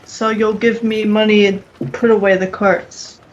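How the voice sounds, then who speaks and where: A woman's voice: mid-range voice, little pitch movement, a little slow, muffled recording. A woman playing in a tabletop game, unsure and questioning. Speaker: player. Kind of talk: casual tabletop play.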